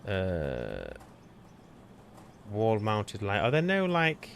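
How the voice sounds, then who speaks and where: A man's voice: on the low side, wildly swooping pitch, extremely slow, creaky, slight background noise. A man co-hosting a gaming stream, chatting casually in a hesitant, rambling way and often restarting his sentences. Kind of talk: casual chat while gaming.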